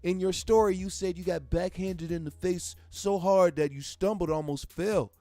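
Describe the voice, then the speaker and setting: A man's voice: sits high, steady tone, moderate pace, warm tone, no echo. A man hosting a show, ranting bluntly in heavy slang with plenty of swearing. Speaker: show host. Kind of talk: profane commentary rant.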